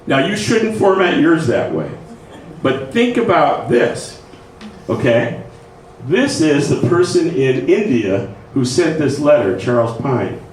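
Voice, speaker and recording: A man's voice: mid-range voice, a little mellow. Man teaching playwriting in an echoey room. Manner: conversational, checks in with listeners often. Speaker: writing workshop presenter. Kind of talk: informal lecture to a writing group. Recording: echoey room, faint noise, mic far off.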